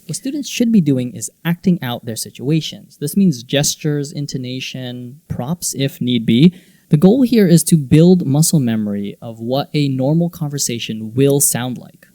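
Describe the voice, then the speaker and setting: A man's voice: mid-range voice, expressive, normal speed, dark tone, no room sound. A man who teaches English, explaining teaching methods in an earnest instructional video, now and then acting out exaggerated example lines. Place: teaches in Japan.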